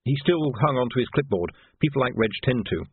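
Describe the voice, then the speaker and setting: A man reading a novel aloud in measured, wry scripted narration. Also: mid-range voice, lively intonation, husky. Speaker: audiobook narrator. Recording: thin phone-like dry sound.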